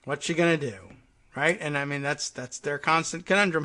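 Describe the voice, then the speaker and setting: A middle-aged man hosts a political talk podcast, his voice sitting a bit high for a man. He talks loosely and off the cuff, with sarcastic asides and exasperated sighs of disbelief. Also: fairly even intonation, a little fast, pushed and bright. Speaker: host.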